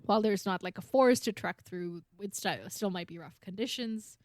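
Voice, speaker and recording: A woman with a medium-pitched voice speaks at a moderate pace on a podcast she co-hosts, recorded at studio quality without room sound. She recaps book chapters in a chatty way, peppering her scene paraphrases with "like."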